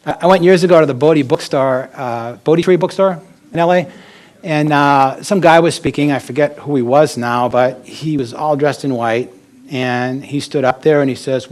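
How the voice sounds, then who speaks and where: A man's voice: mid-range voice, fairly quick. Candid rambling man telling his story. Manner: rambling, candid, restarts and asides. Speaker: author giving a talk. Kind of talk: personal storytelling talk.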